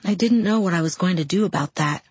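Casting: soft-spoken female audiobook narrator, breathy tone, dry close-miked sound. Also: fairly low pitch, fast talker, dry recording. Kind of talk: first-person novel narration.

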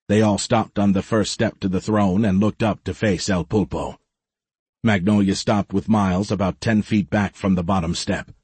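A man narrating an audiobook in a steady, measured way. His voice is low and husky, with a breathy edge. The sound is dry and close. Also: no room sound. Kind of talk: scripted narration.

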